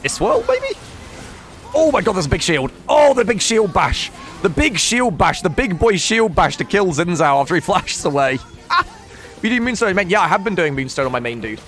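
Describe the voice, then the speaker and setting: A man's voice: high-pitched, sing-song, normal speed, a bit bright, faint music behind. A young man streaming a video game, commentating casually, swearing and laughing as he talks to chat and teammates.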